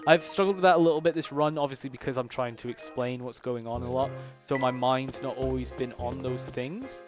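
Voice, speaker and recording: A man's voice: mid-range voice, steady tone, a little fast, over music. Chatty man commentating his speedrun. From United Kingdom. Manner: chatty, explains as he plays, many fillers.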